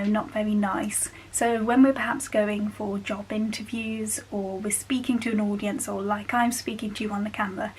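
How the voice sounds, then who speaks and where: A woman's voice: mid-range voice, darkish tone, slight background noise, low-quality recording. A young woman from the Black Country with a Black Country accent, explaining things in a chatty, carefully enunciated way as she talks to camera. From Black Country, England. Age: young adult. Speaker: vlogger. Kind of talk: casual talk to camera.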